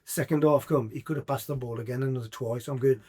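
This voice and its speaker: Husky Black Country man telling stories. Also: medium pitch, fast talker. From English Black Country. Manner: swearing, animated anecdotes with sound effects. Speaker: podcast guest, former footballer. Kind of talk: casual storytelling.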